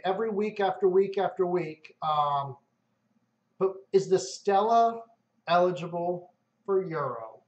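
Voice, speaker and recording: A man's voice: high voice, animated, unhurried. A man hosting a live stream, chatting casually and easily with viewers, calling them man and dude. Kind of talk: casual chat. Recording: muffled roomy stream audio.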